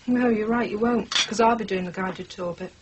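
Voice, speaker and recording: A woman's voice: medium pitch, moderate pace, natural voice. An actress playing a wry young woman, teasing her partner. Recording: dull noisy TV audio from afar.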